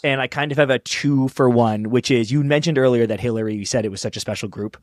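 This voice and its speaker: A man hosting a sports podcast, with a middle-pitched voice recorded close and dry. He asks long, enthusiastic questions, loaded with fillers and restarts. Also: fast talker, dry recording. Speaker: podcast host. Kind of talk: casual interview chat.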